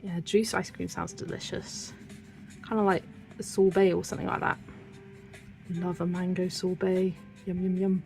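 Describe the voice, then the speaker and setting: A young British woman with a British accent hosts a colouring livestream, chatting casually, giggling and reading out viewer comments. Her voice is fairly low, gravelly and a little mellow, with flat delivery at a moderate pace and frequent pauses, and faint music plays behind her.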